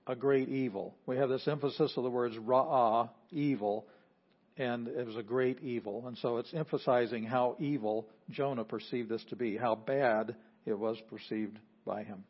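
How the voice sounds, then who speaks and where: A pastor preaching a sermon, explaining patiently and repeating phrases for emphasis. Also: male voice, mid-range voice, moderate pace, slightly rough. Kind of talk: sermon teaching. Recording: slightly dull lo-fi audio.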